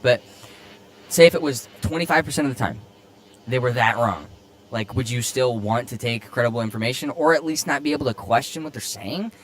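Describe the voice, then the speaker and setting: A man's voice: mid-range voice, fairly quick, no room sound. A man hosting a casual political chat, conversational and agreeable. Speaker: podcast host.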